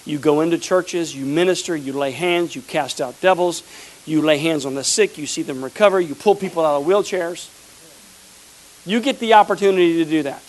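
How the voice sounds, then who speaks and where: Pastor, middle-aged man, high voice, animated sermon delivery from the pulpit. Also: normal speed, poor audio. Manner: animated preaching, acts out quoted people. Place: church sanctuary.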